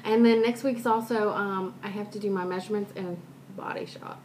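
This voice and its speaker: A woman talks straight to her vlog audience, rambling through a personal story with self-deprecating asides and many restarts. Her voice sits at an ordinary middle pitch, with a faint hiss in the background. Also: steady tone, a little fast, darkish tone. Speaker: vlogger. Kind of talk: casual chat, personal storytelling.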